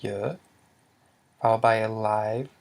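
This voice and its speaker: A man teaching tone rules step by step, with a methodical manner, saying each example word louder than the rest. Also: fairly low pitch, fairly even intonation. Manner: slow and methodical, says Lao example words louder. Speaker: language teacher. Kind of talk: screen-recorded tutorial explanation.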